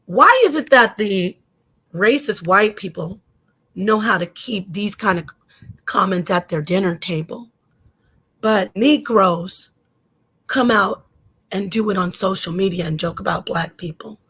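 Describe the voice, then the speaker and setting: A woman hosting a commentary show, talking in an animated, indignant way and often slipping into mocking voices. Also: mid-range voice, a little slow, slightly rough. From Arizona, US. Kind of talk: opinionated commentary.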